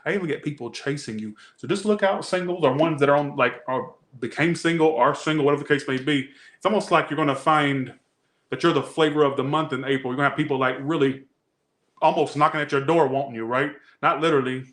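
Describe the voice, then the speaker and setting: A man's voice: fairly high pitch, fast talker, fairly bright tone. A man doing a casual tarot reading, chatty and rambling, slangy and often breaking off mid-thought. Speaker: tarot reader.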